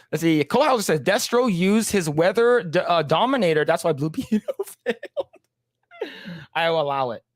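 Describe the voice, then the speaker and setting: A man's voice: sits high, expressive, moderate pace, pauses often, no echo, clean studio sound. A man co-hosting a casual livestream podcast, reading chat comments aloud in a laid-back way and laughing often.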